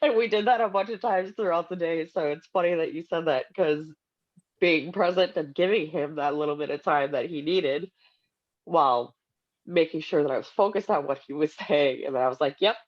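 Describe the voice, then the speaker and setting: A woman's voice: low-pitched, moderate pace. Giggly woman on lo-fi call audio. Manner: friendly, giggly storytelling. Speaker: participant on a group call. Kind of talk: casual chat. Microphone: video call. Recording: dull lo-fi video call audio.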